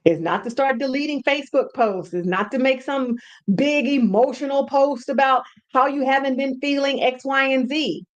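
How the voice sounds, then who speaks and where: A woman hosting a casual teaching talk from home, animated and repeating words for emphasis. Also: high-pitched, moderate pace, muffled recording. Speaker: podcast host and brand coach.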